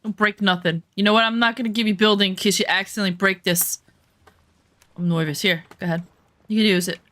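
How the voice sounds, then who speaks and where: A woman's voice: mid-range voice, steady tone, fast talker, a bit bright, no room sound. A woman streaming a survival game, chatting casually and jokingly with her viewers, swearing freely and poking fun at herself. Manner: self-mocking, easily flustered. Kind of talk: casual gameplay chat with viewers.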